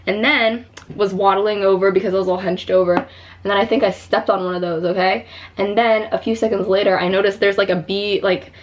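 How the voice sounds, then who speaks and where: A young woman vlogs from home in a loose, chatty voice, her sentences full of "like" and "you know." She sounds casual and unscripted, as if she is telling a friend about her day. Her pitch sits in the middle of the usual range for a woman. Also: steady tone, a little fast. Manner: chatty, many "like" fillers, re-enacts her own screams. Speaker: vlogger. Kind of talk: casual storytelling vlog.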